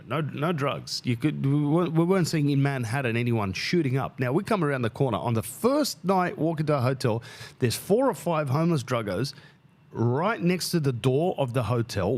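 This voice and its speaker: A man in his thirties, casually telling a travel story on his podcast, swearing freely and acting out the people he met. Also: mid-range voice. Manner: animated, swears freely, acts out quoted people. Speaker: podcast host.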